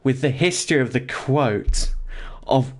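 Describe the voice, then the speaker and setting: A man's voice: medium pitch, unhurried. Joking man streaming from his office. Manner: joking, rambling, laughs often, talks to chat. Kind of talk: casual live-stream chat while gaming. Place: home office.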